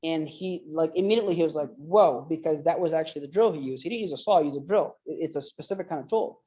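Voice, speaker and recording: A man's voice: fairly high pitch, racing, warm tone, slightly rough. Earnest rambling male speaker, muffled. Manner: rambling, filler-heavy, earnest; emotional retelling. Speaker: apologetics speaker. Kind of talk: casual storytelling lecture.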